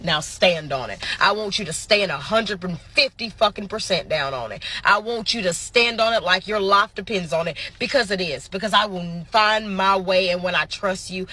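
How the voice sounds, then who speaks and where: A woman's voice: medium pitch, bright, forceful tone. A woman delivering an angry, profane social media rant straight to her followers. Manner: furious, profane, emphatic.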